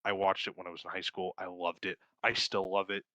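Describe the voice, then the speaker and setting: A young man co-hosting a podcast, casually reviewing a film in a rambling, profane and excited way and laughing often. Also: sits low, brisk, no room sound. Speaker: podcast co-host.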